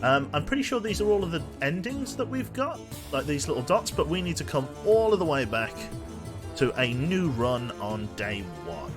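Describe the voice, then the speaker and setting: Young male streamer, jokey and rambling, fairly high voice with a lively swing, game music behind. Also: moderate pace. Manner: rambling, jokey, talks to chat. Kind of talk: casual live-stream chat.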